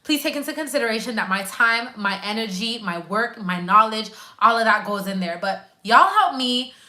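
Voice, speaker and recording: A woman's voice: on the high side, lively intonation, moderate pace, sharp tone. A woman from Quebec, a nurse and YouTuber, chatting casually on a live stream and reacting to viewer comments with slangy, emphatic asides. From Quebec, Canada.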